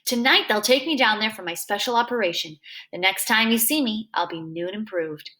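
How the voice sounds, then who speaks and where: A woman's voice: mid-range voice, expressive, sharp tone. A woman reading aloud and voicing a clever, sickly boy who bosses his friend around in a small, whispery voice. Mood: bossy. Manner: quick, bossy, joking.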